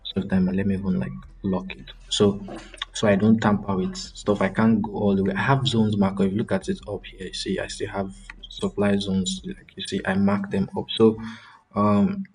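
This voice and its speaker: A man's voice: on the low side, little pitch movement, moderate pace, a little mellow, slightly rough. A young man hosting a trading channel, casually talking through a live screen-share trade breakdown with frequent ums and self-corrections.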